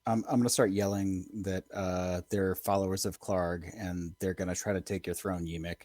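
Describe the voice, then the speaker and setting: A young man playing a tabletop game, excitable and stumbling over his first words. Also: deep voice, moderate pace, dry recording. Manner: excitable, stammering starts. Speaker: player. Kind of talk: casual tabletop play.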